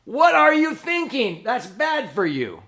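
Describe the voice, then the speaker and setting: A man doing an exasperated parent yelling at their kids, the voice jumping far above his normal register into a shrill, loud scold. It is a hypocritical parent losing their temper. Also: wildly swooping pitch, slow pace, slight background noise, exaggerated voice.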